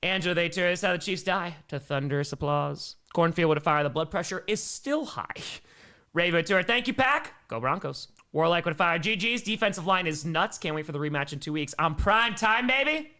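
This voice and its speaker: A man doing excitable live play-by-play and reactions on a stream, reading out fan messages, a bit out of breath. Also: a little high, brisk, clear, resonant tone. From Wisconsin, United States. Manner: excitable, hyped, reads fan messages aloud.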